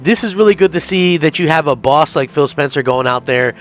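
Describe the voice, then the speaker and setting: A man's voice: on the high side, expressive, a little fast, a bit bright, soft background music. A man hosting a gaming channel, giving earnest, emphatic news commentary straight to his viewers.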